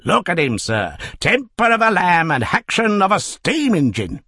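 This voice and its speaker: A man reading a storybook, voicing pushy working-class cab drivers hawking their rides in a loud, bantering way. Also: high voice, wildly swooping pitch, moderate pace, husky, pitched above the performer's own voice, exaggerated voice.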